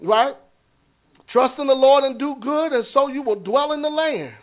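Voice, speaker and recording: High-voiced man teaching over a phone-like line. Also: moderate pace. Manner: conversational, checks in with the room, repeats words. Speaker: minister teaching a Bible class. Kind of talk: church teaching session. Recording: phone-like narrow sound.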